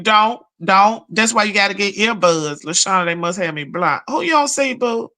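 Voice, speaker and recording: A woman's voice: mid-range voice, moderate pace. A woman hosting a casual livestream, telling stories, cussing freely and greeting viewers in chat. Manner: profane, animated storytelling with chat shout-outs. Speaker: livestream host.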